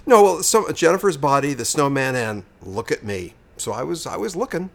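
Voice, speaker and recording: A man's voice: a little high, lively intonation, normal speed, vocal fry, fairly bright tone. A man co-hosting a film podcast, chatting casually with a wry, joking manner. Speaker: podcast co-host. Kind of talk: casual chat.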